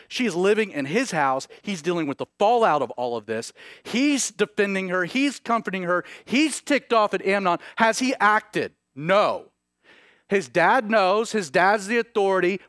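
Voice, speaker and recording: High-voiced preacher guy, super animated, swings loud then hushed, dry close sound. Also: no echo. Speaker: pastor. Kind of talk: sermon.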